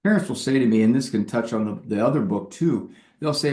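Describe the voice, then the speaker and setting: A man in casual conversation, telling stories from his practice and slipping into the voices of the people in them. His voice is mid-pitched and carries a noticeable room echo. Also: fairly quick. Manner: animated storyteller acting out parents and couples. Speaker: psychologist guest. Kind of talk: casual interview chat.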